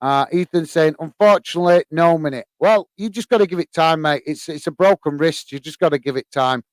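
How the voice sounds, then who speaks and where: A man hosts a live football stream, reading viewer comments aloud and chatting back in a loose, friendly way, peppered with fillers. His voice sits a touch high, with a smooth, clear tone. The sound is close and dry. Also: brisk, dry recording. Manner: relaxed, chatty, many fillers, calls listeners mate. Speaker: host of a football fan channel.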